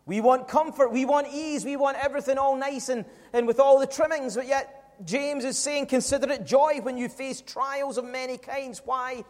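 A man's voice: very high voice, steady tone, moderate pace, a little mellow. A man preaching a sermon in a church, emphatic and full of rhetorical questions to the congregation. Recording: long hall reverb.

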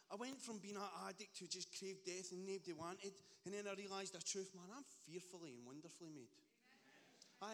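A man's voice: sits high, fairly bright tone. Fervent Scottish man in a reverberant hall. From Scotland. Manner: fervent, emphatic, with frequent stammered restarts. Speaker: ministry support worker giving testimony. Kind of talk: personal faith testimony. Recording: long reverb in a large hall.

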